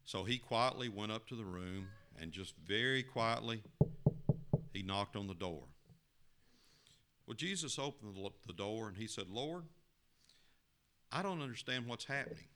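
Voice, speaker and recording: Male preacher, folksy storytelling, low voice, bright forceful tone, expressive swells. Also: measured pace, long pauses. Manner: folksy, expressive storyteller with sudden rises in pitch and volume. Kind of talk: sermon storytelling.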